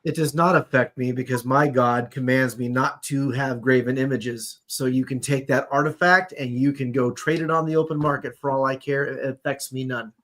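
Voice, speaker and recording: A man's voice: medium pitch, steady tone, moderate pace, few pauses, fairly bright tone. Blunt man stating firm views. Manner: blunt, firm, matter-of-fact. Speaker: panel guest. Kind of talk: casual group chat.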